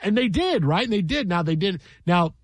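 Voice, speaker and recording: A man hosting a casual sports talk radio show, telling an animated story and acting out quotes. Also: high-pitched, normal speed, no room sound.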